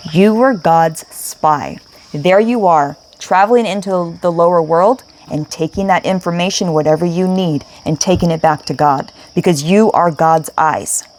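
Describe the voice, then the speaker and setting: A woman's voice: on the low side, darkish tone. A woman giving an emotional spiritual tarot reading, speaking emphatically, repeating herself and swearing casually. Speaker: tarot reader.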